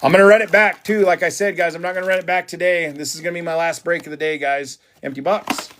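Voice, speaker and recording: A man hosting a live trading card break, talking excitedly and casually to his viewers. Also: a little high, quick pace, noisy background. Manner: excitable, hyped, chatty with viewers.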